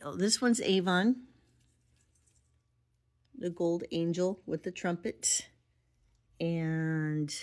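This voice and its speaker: A woman's voice: on the low side, a little mellow. A middle-aged woman chatting fondly at home by her Christmas tree, thinking aloud as she shows her ornaments. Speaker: Avon representative. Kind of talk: casual home vlog.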